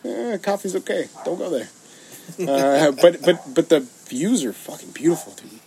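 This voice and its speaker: A man in his thirties telling a long, animated story in a casual chat, cursing often. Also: a little high, moderate pace, gravelly, slight background noise.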